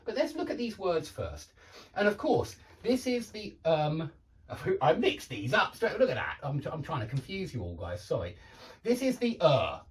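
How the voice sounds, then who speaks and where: A man's voice: fairly high pitch, big pitch swings, normal speed. A man with a southern English accent teaching pronunciation online, repeating words with exaggerated contrast and chatty asides. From southern England.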